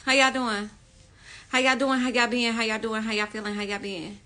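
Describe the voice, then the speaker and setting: Bright-voiced woman hosting a casual livestream. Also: fairly high pitch, level tone, moderate pace. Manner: greets viewers repeatedly, then speaks earnestly about anger; casual, swears freely, uses "y'all". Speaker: livestream host, spiritual teacher. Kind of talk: casual livestream chat and spiritual talk. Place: home livestream. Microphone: phone.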